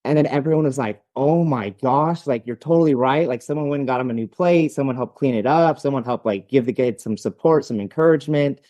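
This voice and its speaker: A man's voice: mid-range voice, fast, hardly any pauses, mellow. A man appearing as a guest dog trainer on a podcast, talking casually and telling stories in a loose, rambling way with lots of fillers. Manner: rambling, storytelling, filler-heavy.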